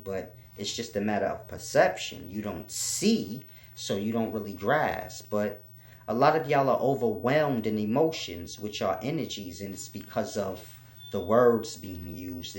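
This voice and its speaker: A man giving an informal spiritual teaching, slow and repetitive, spelling out letters for emphasis. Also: on the low side. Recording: roomy echo.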